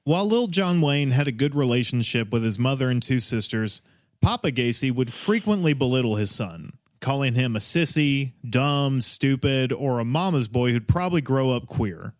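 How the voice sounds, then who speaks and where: A man co-hosting a comedic true-crime podcast, sardonic and profane as he tells a dark story and mock-scolds the audience. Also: mid-range voice, lively intonation, moderate pace, no room sound, clean studio sound. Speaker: podcast co-host telling the story.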